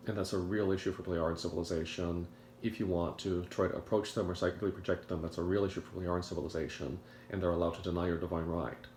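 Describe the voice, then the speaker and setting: A man with a very low voice talks quickly through a rambling morning commentary, stumbling and repeating words as he restarts his thoughts. The sound is roomy and echoey, with a faint hiss underneath. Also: level tone, a little mellow. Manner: halting, stammers and repeats words. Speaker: video commentator.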